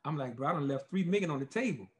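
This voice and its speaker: A man, a former football player telling stories in a casual interview, rambling and animated with lots of fillers. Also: on the high side, very fast.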